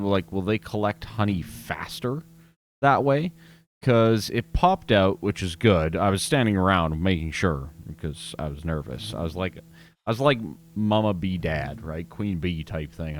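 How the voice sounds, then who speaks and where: A man hosting a gaming video, giving casual gameplay commentary in a chatty, self-mocking way and talking straight to his viewers. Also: low voice.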